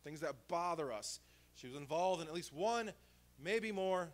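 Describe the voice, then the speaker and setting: Brief: man in the pulpit, casual storytelling sermon, fairly high-pitched. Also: fairly quick, a bit bright. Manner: conversational, humorous storytelling. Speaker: pastor. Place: church sanctuary.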